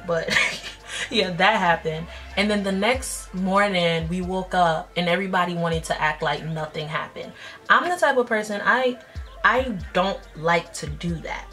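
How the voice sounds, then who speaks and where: A woman in her twenties telling a personal story in a casual vlog, blunt and slangy, jumping up in pitch when she acts out quotes. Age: 20s. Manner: animated, jumps up in pitch when acting out quotes; slangy, blunt, self-mocking. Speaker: vlogger.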